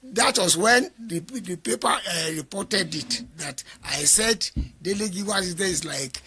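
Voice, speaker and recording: A man gives an interview, recounting events by quoting his own exchanges and insisting on his side. His voice sits high and bright, with a gravelly, husky edge. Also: unhurried. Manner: quotes himself and others in dialogue, insistent denials. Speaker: interview guest. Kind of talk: recounting a story in conversation.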